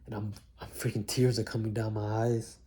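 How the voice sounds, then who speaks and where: Man, mellow tone, laid-back slangy storytelling, single-take vlog. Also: on the low side, flat delivery, moderate pace. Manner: casual slangy talk, many likes and mans. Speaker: vlogger recounting his life. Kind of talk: one-take reflective storytelling. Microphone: single mic, one take.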